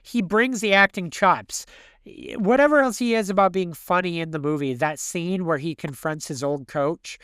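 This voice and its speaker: A man co-hosting a podcast in casual movie chat, animated and swearing freely as he talks. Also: high-pitched, moderate pace, clear, resonant tone, dry recording, studio quality. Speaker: podcast co-host.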